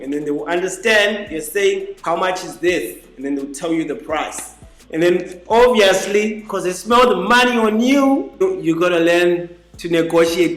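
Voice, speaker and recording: A man's voice: sits high, fairly bright tone. Chatty man teaching phrases in an echoey room. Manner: repeats phrases slowly for the learner, chatty asides. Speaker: language teacher. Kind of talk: casual spoken lesson. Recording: echoey room with faint music.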